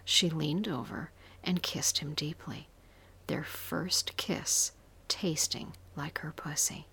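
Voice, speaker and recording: Slow breathy whispering woman. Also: deep voice. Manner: soft unvoiced whisper throughout. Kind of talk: whispered story narration.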